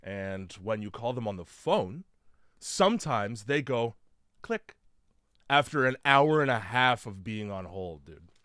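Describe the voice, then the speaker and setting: A man's voice: fairly low pitch, lively intonation, unhurried, fairly bright tone, clean tone, no echo, clean studio sound. A man co-hosting a casual horror movie podcast, ranting with sarcasm and swearing. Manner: sarcastic, profane rants. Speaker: podcast co-host.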